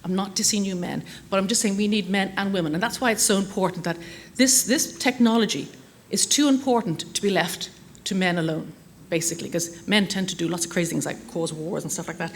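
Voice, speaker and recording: Woman, middle-aged, brisk conference speaker, anecdotal and self-mocking. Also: mid-range voice, slight background noise. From Ireland. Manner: chatty, anecdotal, self-deprecating humor. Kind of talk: conference talk. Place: conference hall.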